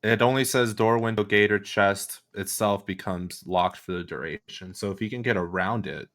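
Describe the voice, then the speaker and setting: Man player, very deep voice, careful reasoning. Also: normal speed, fairly bright tone. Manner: reads rules aloud, reasoning.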